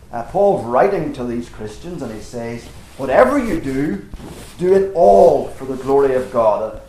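A man's voice: on the high side, sing-song, normal speed, warm tone, reverberant, slight background noise, rough recording. A man preaching a sermon in a church, earnest and emphatic, asking rhetorical questions.

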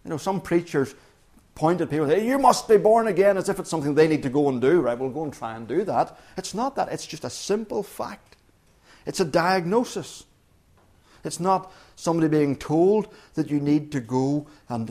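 A man's voice: a little high, normal speed. A man preaching a sermon in an earnest, emphatic way, restarting phrases and hitting key words hard. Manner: earnest, emphatic, with frequent restarts and sudden loud stresses.

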